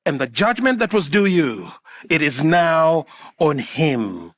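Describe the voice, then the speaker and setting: A middle-aged man preaching a sermon in a church, animated and acting out little scenes and asides to the congregation. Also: on the high side, slow pace. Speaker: pastor.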